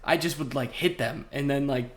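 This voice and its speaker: A man's voice: mid-range voice, normal speed. A young man co-hosting a podcast, telling sports stories in a rambling, casual way with lots of fillers. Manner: rambling, animated storytelling with frequent fillers. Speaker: podcast co-host. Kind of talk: casual chat.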